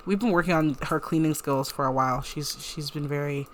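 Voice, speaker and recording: A woman's voice: deep voice, brisk, a little hiss or hum. A young woman giving casual, giggly commentary as she plays and tells a story through a life-sim game. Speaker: game streamer. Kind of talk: casual let's-play commentary.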